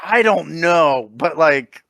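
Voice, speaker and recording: A man's voice: fairly high pitch, animated, takes it slowly, creaky, sharp tone, no echo, clean studio sound. A man co-hosting a comedy podcast, chatting casually in a rambling way, often laughing and swearing. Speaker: podcast co-host.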